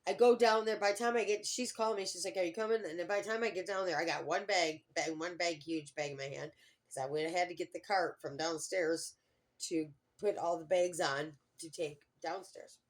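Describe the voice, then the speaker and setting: A woman's voice: on the low side, steady tone, a little fast. Rambling middle-aged woman telling a story. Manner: rambling, full of fillers and restarts. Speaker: vlogger. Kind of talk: casual storytelling vlog.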